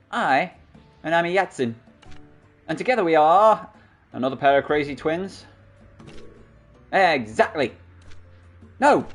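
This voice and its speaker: Two silly twins squabble in a high, sing-song voice, as an Australian man reads them out. The voice swoops up and down with lively pitch. Faint game music plays behind. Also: full character voice.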